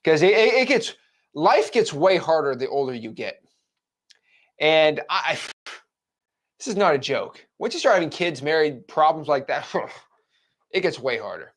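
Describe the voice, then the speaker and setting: Man in his twenties, blunt and frank, lively swooping pitch, motivational coach talk. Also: unhurried, long pauses. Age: 20s. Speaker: real estate wholesaling coach.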